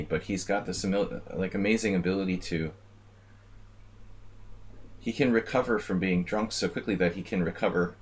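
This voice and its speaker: Man, chess streamer, low voice, rambling, joking, casual chat with viewers. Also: slight background noise. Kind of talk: casual live-stream chat while playing blitz.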